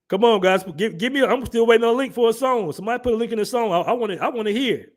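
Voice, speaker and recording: This young adult livestream host has a very high-pitched voice and an African American Vernacular English accent from the southern United States. He keeps things loose and joking, full of slang, while reading the chat aloud.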